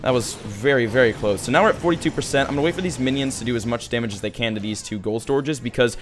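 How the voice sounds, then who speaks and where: Fast-talking excitable young man gamer. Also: medium pitch, faint music behind. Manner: excitable, hype shouts. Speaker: gaming YouTuber. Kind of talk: mobile game commentary.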